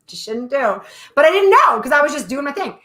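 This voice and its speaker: A young woman telling a funny story in a casual live chat, animated and full of laughs. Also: high-pitched, fast, very noisy. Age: young adult. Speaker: co-host.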